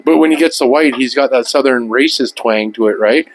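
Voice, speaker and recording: A man's voice: medium pitch, brisk, slight background noise, low-quality recording. A man co-hosting a casual podcast, crude and joking, often laughing at his own jokes. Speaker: podcast co-host. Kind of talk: casual banter.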